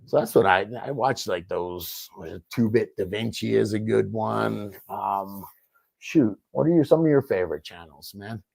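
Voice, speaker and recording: A man co-hosting a casual chat, joking and slangy, telling animated stories. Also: fairly low pitch, moderate pace, gravelly, dry recording.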